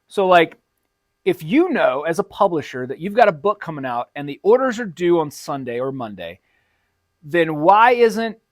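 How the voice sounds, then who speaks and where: Brief: male co-host with a high voice, wry comic retailer, dry close sound. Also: very animated, moderate pace, dry recording. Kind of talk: casual podcast chat.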